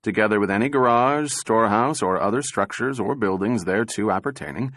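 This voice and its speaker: A man voicing a calm, unruffled male prosecutor who speaks evenly and with dry irony. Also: on the low side, a little fast. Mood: cool. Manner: even, indifferent, dryly ironic.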